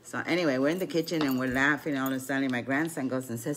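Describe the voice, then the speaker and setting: A woman's voice: very deep voice, quick pace, a bit bright, a little hiss or hum. An older woman and grandmother telling a rambling story between rune and card readings, full of "you know" asides, as a casual vlog.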